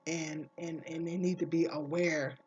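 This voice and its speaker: A woman's voice: deep voice, steady tone, a little slow, a little mellow, slightly rough, dull audio. A woman vlogger talking casually to camera, giving earnest, emphatic advice and repeating her key phrases.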